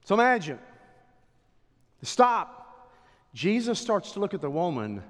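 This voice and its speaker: A pastor preaching a sermon, swinging from loud declarations to hushed whispers. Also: male voice, high voice, big pitch swings, takes it slowly, pauses often. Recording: long hall reverb.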